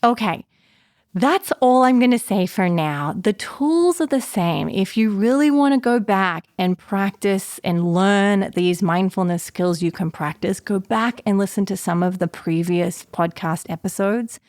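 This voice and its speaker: A woman hosting her own podcast as an anxiety therapist, talking fast and passionately in a casual, encouraging way. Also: medium pitch, darkish tone, no room sound, studio quality. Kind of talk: casual solo podcast talk.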